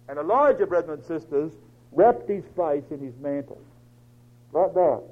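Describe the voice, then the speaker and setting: A man preaching a dramatic storytelling sermon, swinging from loud declaiming to hushed near-whispers. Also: fairly high pitch, animated, moderate pace, a little hiss or hum. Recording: dull lo-fi recording.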